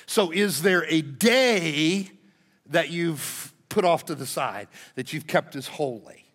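A man's voice: a little high, lively intonation, takes it slowly, fairly bright tone. A man, a pastor preaching a sermon in a folksy, joking way to his congregation. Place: church sanctuary. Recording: long hall reverb in a church.

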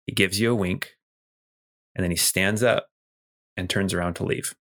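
A man narrating as game master of a tabletop role-playing game, relaxed, with frequent ums and restarts. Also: low voice, normal speed.

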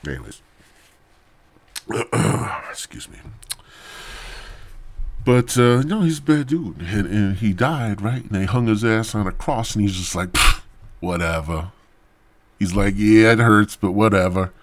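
A man's voice: lowish voice, animated, measured pace, pauses often. A man hosting a podcast who rambles through a crude, mock-serious comedic story on a podcast mic. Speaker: podcast host. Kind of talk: profane comedic rant.

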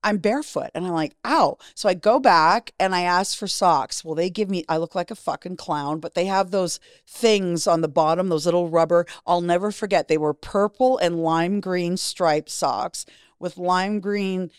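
A middle-aged woman speaks as a guest, her voice sitting a little low. She tells her story frankly, with casual swearing, and acts out the lines of others. The sound is dry and close. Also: moderate pace, clean tone, no room sound. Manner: frank and profane, acting out quoted dialogue. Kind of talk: candid personal storytelling.

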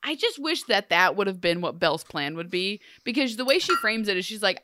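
A woman co-hosting a casual TV recap chat, sarcastic and animated, with many "like"s. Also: medium pitch, fairly quick, background noise. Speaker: podcast co-host.

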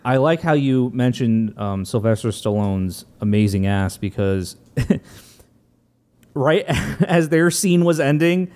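A man's voice: medium pitch, expressive, takes it slowly, a little mellow. Guy recapping a movie on a podcast, average voice, keeps laughing, says um a lot. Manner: recaps scenes, laughs often, hesitant fillers. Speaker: podcast co-host.

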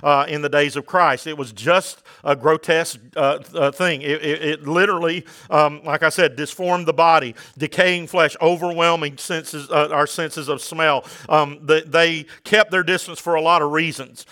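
A man preaching a sermon to his congregation, talking casually with the room and rising to loud, fervent exhortation. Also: on the high side, steady tone, normal speed, few pauses. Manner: conversational preaching that builds to shouted exhortation. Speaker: pastor.

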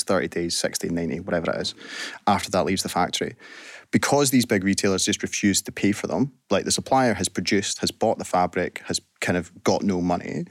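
A man's voice: low voice, no echo, clean studio sound. A man, a business founder from Scotland, chatting in a radio interview and telling his story with lots of casual fillers. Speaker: guest entrepreneur.

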